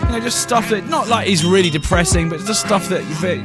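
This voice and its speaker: A man with a high voice hosts a comedy radio talk show with music in the background. He tells animated stories, laughs a lot, and acts out other people's voices.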